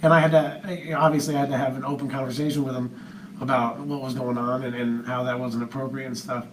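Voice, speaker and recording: A man's voice: medium pitch, level tone, fast talker, far from the mic. A father making a comment to the speaker, rambling and hesitant with many restarts. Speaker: parent and event partner. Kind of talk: comment from the audience. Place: large room with an audience. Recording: echoey room, off-mic, faint noise.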